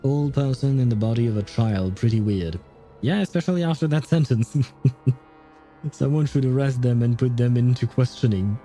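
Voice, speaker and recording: A man's voice: medium pitch, moderate pace, mellow, faint music behind. A man commenting on a game on a livestream, chatty and hesitant with frequent laughs. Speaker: livestream host. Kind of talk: gameplay commentary.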